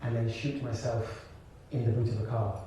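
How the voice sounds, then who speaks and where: Medium-pitched and at a moderate pace, the voice belongs to a Birmingham actor and director interviewed on stage before an audience in a large hall. He's an animated storyteller who restarts often and laughs a lot. Captured from afar, the recording is echoey with background hiss.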